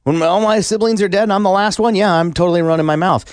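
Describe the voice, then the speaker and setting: A man's voice: high-pitched, fast, clear, resonant tone, no echo. A man co-hosting a podcast, chatting casually in a skeptical and argumentative way. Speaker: podcast co-host. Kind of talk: casual chat.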